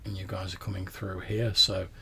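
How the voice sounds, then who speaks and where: A man's voice: low voice, little pitch movement, moderate pace, vocal fry, sharp tone, slight background noise. A man narrating as game master of a tabletop game over a call, describing scenes at length with lots of fillers.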